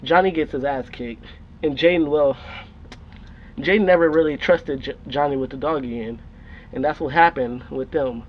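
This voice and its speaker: A man's voice: on the high side, moderate pace. A young man casually telling a rambling, profane story on his vlog. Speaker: storytime vlogger. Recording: dull lo-fi recording with faint noise.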